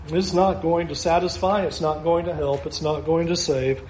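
A man's voice: a little high, fairly even intonation, moderate pace, hardly any pauses, darkish tone, echoey room, a little hiss or hum. A man preaching a sermon as pastor, earnest and repetitive, asking his listeners question after question.

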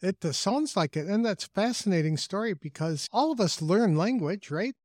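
A man's voice: sits high, animated, normal speed, a little mellow, dry recording, clean studio sound. An older man hosting an interview podcast, reading an earnest scripted introduction before chatting with his guest. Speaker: podcast host.

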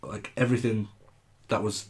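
Blunt lower-voiced man. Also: fairly even intonation, moderate pace, darkish tone, breathy edge. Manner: blunt, teasing. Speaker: podcast co-host. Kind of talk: casual chat.

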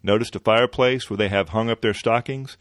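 A man's voice: on the low side, fairly quick, no echo, clean studio sound, close to an everyday voice. A man voicing an upright, earnest male comic-book superhero who lectures a selfish man.

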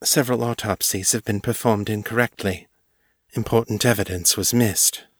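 A hesitant, deferential woman who has just been turned into a vampire, voiced by a man in a lowish voice close to his own. She answers politely, in a dry and close delivery. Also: fairly even intonation, normal speed, dry recording, natural voice.

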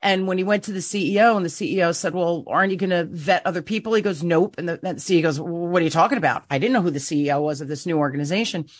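Lively woman telling a story, low voice. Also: very fast, hardly any pauses, dry recording, studio quality. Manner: animated, emotional storyteller who acts out quoted dialogue. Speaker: podcast host. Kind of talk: conversational storytelling.

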